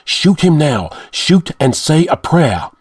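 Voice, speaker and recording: A man voicing a fierce male warrior priest who barks sharp, urgent commands. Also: on the high side, big pitch swings, takes it slowly, husky, pitched above the performer's own voice, full character voice. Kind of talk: audiobook narration.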